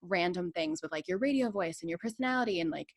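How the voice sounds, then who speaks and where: Radio lady guesting on a pod, lowish voice, chatty, says like a lot, dry sound. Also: lively intonation, fast, no echo. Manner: chatty, filler-heavy, lots of "like". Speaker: radio personality, podcast guest. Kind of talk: casual chat.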